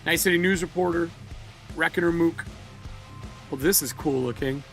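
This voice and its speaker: A man's voice: on the high side, normal speed, a bit bright, soft background music. A man hosting a casual live stream, reading from a book aloud and riffing with profanity. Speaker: streamer host.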